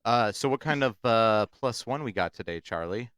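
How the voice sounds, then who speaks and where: A man's voice: mid-range voice, animated, normal speed, fairly bright tone, clean tone, no room sound, clean studio sound. A young man co-hosting a podcast in casual chat, playful and jokey, laughing easily. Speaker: podcast co-host.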